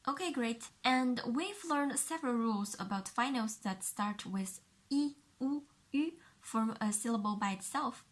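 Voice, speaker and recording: A woman with a Chinese accent teaching a pinyin lesson, explaining sounds slowly and carefully and repeating each one for the learner. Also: on the high side, animated. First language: Mandarin Chinese.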